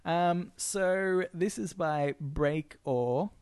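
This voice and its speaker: A man's voice: a little high, very slow, darkish tone, clean tone. A young man co-hosting a podcast in casual, joking banter, often laughing and putting on voices to quote people. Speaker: podcast co-host.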